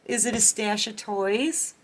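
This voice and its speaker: Slow, chatty woman reading tarot. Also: medium pitch. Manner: chatty, giggly, talks straight to viewers. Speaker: tarot reader. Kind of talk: casual tarot reading to viewers.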